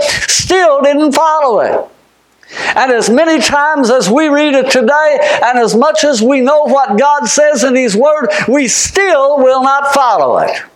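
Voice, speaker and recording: A man preaching a fervent sermon. He shouts some points, drops to quiet asides for others, and often repeats or restarts his words. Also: very high-pitched. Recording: echoey room.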